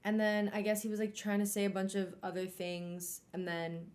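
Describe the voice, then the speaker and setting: A young adult woman streamer reading a novel aloud and chatting about it in a casual, animated way, swearing casually and laughing often. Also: mid-range voice, normal speed. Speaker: streamer hosting a book club.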